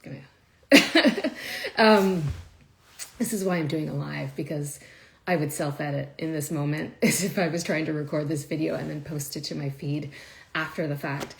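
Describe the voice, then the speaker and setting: A woman's voice: low-pitched, fairly even intonation, moderate pace, vocal fry, a little hiss or hum. A woman chatting casually to viewers on a live stream, emotional and laughing often, with many fillers. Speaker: wine video creator.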